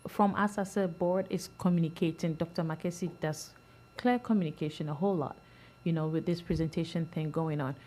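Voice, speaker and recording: A middle-aged woman on a school board speaking earnestly at a public meeting, rambling with many restarts and soft laughs. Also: fairly low pitch.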